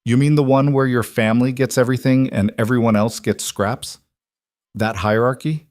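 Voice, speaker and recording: A man's voice: mid-range voice, fairly even intonation, moderate pace, a little mellow, dry recording, studio quality, close to an everyday voice. A man voicing a fierce, defiant young woman fighter who speaks in cutting, blunt lines. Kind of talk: scripted storybook voice.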